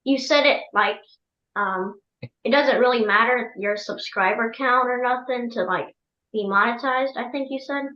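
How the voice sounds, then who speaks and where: A young attendee asking a hesitant question in a live online workshop. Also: female voice, fairly high pitch, moderate pace, muffled recording. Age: teenager. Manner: hesitant, many fillers.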